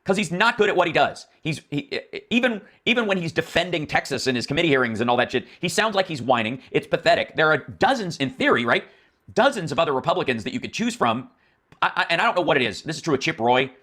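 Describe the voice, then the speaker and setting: A man with a fairly high, bright and forceful voice rants through political commentary. He mocks and swears freely and sounds exasperated. He rambles, restarts and trails off into asides as he talks. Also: very animated, fast talker. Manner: profane, mocking, exasperated.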